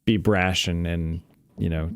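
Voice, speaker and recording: Low-voiced rambling man, dry sound. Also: fairly even intonation, a little slow, smooth, dry recording. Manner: rambling, hesitant questions full of fillers. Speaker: podcast producer and regular. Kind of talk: casual chat.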